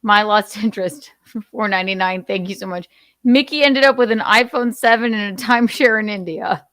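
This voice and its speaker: A woman's voice: mid-range voice, moderate pace, fairly bright tone, dry recording. A woman hosting a podcast, joking and teasing her mother in casual chat. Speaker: podcast host.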